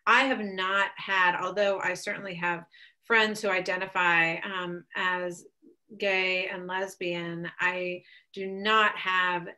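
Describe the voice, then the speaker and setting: Earnest woman speaker, bright voice. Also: fairly low pitch, little pitch movement, slow. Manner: thoughtful, earnest, speaks with frequent fillers. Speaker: guest speaker. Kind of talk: webcast talk with Q and A.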